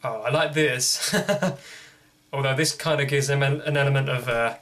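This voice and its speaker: A man's voice: medium pitch, steady tone, normal speed, fairly bright tone, a little hiss or hum. A young man commenting on a horror game as he plays, jumpy and joking to himself. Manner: jumpy, jokey, talking to himself. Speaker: gaming video host.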